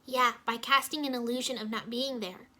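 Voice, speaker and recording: A woman voicing an excitable, curious young woman ninja who speaks eagerly. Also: on the high side, brisk. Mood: excited. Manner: eager, exclamatory.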